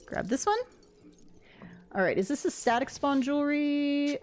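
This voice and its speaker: A chatty woman streamer talks through her gameplay, rambling from one thought to the next. Her pitch swings around animatedly as she talks to her chat, and she laughs easily. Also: very animated, normal speed, pauses often, a little mellow.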